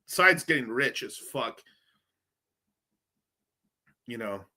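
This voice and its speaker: A man's voice: medium pitch, expressive, very slow, pushed and bright. A man from the United States, a crypto livestreamer, ranting casually with lots of swearing, rambling and frequent laughter. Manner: profane, rambling, laughs often.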